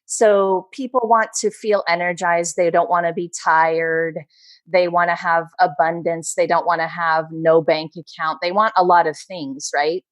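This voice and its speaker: A woman's voice: fairly low pitch, fairly even intonation, unhurried, no echo. A middle-aged woman, a podcast guest, speaking passionately and motivationally in casual conversation. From Maryland, USA. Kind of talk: casual interview chat.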